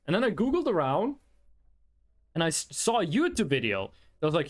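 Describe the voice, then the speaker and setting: High, lively man streaming. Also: fairly quick. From Norway. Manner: rambling storyteller, chatty and animated. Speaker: livestreamer. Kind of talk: casual chat with chat.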